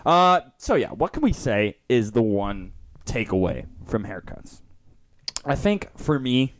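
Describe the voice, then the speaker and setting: A man co-hosting a podcast in casual chat, laid-back, swearing freely and pausing often with fillers. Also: mid-range voice, sing-song, no room sound. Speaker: podcast co-host.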